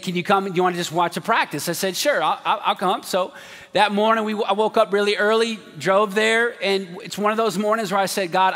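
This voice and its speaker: A man preaching a sermon as a pastor, telling a story with acted quotes in an animated way. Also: sits high, long reverb tail. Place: large church auditorium.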